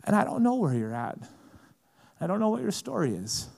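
A man preaching a sermon, swinging from quiet, low asides to impassioned, rising appeals. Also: big pitch swings, a little fast, vocal fry. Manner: impassioned, rising to shouts then dropping low. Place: large event hall.

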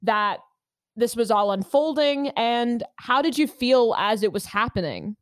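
A woman's voice: on the high side, expressive, unhurried, no echo, clean studio sound. A woman with an American accent hosting a casual discussion, thinking aloud and filling gaps with "like". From United States. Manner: thoughtful, many fillers. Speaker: host.

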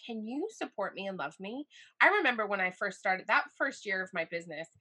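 A middle-aged woman as a podcast guest, talking in a casual, animated way and turning vivid when she retells moments from her life. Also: brisk, husky. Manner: animated storyteller, voice jumps high in retold moments. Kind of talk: casual interview chat.

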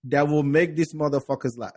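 A man's voice: on the high side, steady tone, a little fast, a little mellow, slightly rough. A man with a French accent, English not his first language, hosting a casual podcast chat and talking in rambling bursts with many restarts. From France. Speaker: podcast host.

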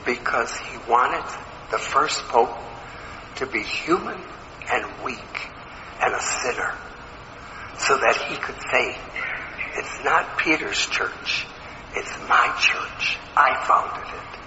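A man's voice: medium pitch, expressive, slow, long pauses, noisy background. A man preaching a sermon, earnest and emphatic, asking his listeners questions. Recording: echoey hall, slightly dull sound.

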